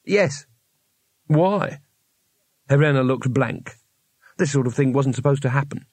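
Guy reading a story aloud, steady and wry, dead dry studio sound. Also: mid-range voice, brisk, husky, dry recording. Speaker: audiobook narrator. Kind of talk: scripted narration.

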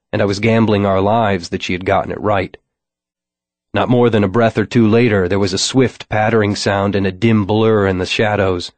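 A man narrates a first-person story in a measured, wry way, his voice sitting on the low side. The recording is dry and close, with no room sound. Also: darkish tone, dry recording. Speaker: audiobook narrator.

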